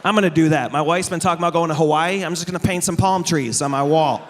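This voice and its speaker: A man in his thirties works a live crowd as a stand-up comic. His voice sits a little high. He talks into a stage mic, dry and sarcastic, teasing people in the room. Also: fast talker, a little hiss or hum. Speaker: comedian. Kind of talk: stand-up comedy. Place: stage before a live audience. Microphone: amplified stage microphone.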